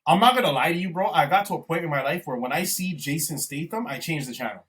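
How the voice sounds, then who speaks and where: A young man co-hosting a podcast in casual, animated chat, swearing often and calling his friend "bro". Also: fairly high pitch, fast, far from the mic. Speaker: podcast co-host.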